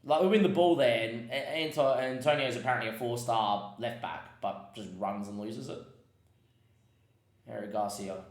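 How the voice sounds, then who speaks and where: A man's voice: mid-range voice, normal speed, reverberant. A man giving casual commentary on his football management game, muttering asides and breaking into frustrated outbursts. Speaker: gaming podcast host.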